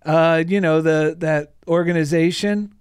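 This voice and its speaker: A man's voice: fairly high pitch, steady tone, a little slow, smooth, no echo, studio quality. A man co-hosting a podcast in casual chat, with reflective, spiritual musings. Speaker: podcast co-host.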